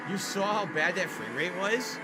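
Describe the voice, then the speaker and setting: A man's voice: sits high, expressive, normal speed, loud music behind the voice. A man talking casually on a gaming stream, complaining and getting defensive.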